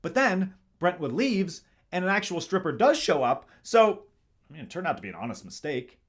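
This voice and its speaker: Wry man with a lively voice. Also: high voice, normal speed, noisy background. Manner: sarcastic, wry asides. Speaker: host. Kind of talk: comedic movie review narration.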